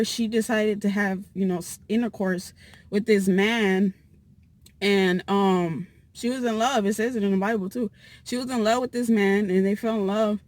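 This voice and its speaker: A woman's voice: medium pitch, no echo. A woman vlogger telling a story in a casual, chatty, exasperated way, with lots of fillers, from inside a car.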